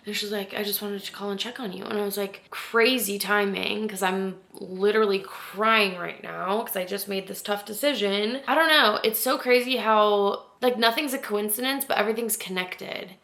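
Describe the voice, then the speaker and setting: A woman's voice: medium pitch, normal speed, few pauses, fairly bright tone. Young adult woman, casual home vlogger, talks in loose rambling chat. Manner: chatty, rambling, lots of "like".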